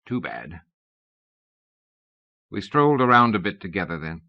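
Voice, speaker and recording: Low-voiced guy reading an audiobook, wry and measured, bright tone, old muffled tape. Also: big pitch swings, creaky. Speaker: audiobook narrator. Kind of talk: audiobook narration. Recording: dull lo-fi cassette recording.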